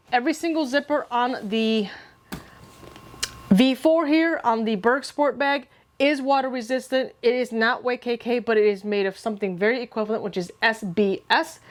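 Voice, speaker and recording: A woman's voice: on the high side, slight background noise. A woman walking through a detailed product comparison in a methodical, self-correcting way. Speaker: gear reviewer. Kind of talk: product review walkthrough.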